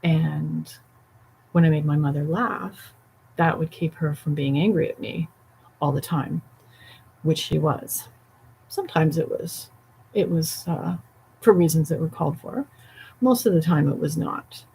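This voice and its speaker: Gravelly-voiced voiceover artist, rambling. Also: medium pitch, a little slow, long pauses, a little mellow, a little hiss or hum, rough recording. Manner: rambling and self-deprecating; candid and reflective. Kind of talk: casual talk to camera.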